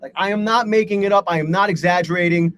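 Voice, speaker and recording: Man, high voice, live trading stream host, profane, exasperated ranting. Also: quick pace, fairly bright tone. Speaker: livestream host and day trader. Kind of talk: live trading commentary to chat.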